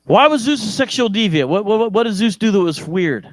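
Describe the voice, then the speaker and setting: A male preacher with an American accent giving a lively sermon in church, joking and asking the congregation questions. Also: sits high, brisk, no room sound.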